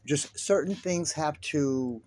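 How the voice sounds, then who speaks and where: A man hosting his own online commentary, talking in an agitated, halting way with many restarts and swearing. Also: on the high side, darkish tone, a little hiss or hum. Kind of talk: rambling religious commentary.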